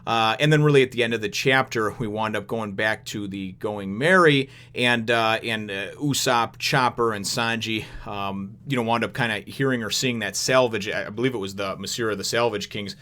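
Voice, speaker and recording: A man's voice: moderate pace, few pauses, sharp tone. A man hosting a manga chapter review, rambling casually with lots of fillers. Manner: rambling, filler-heavy, acts out characters in high voices. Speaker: host of a manga review show.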